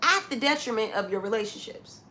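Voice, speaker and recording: A woman's voice: a little high, lively intonation, a little fast, sharp tone. A woman doing a zodiac tarot reading to camera, talking straight at the listener in a blunt, scolding way, with casual slang and repeated points. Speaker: tarot reader.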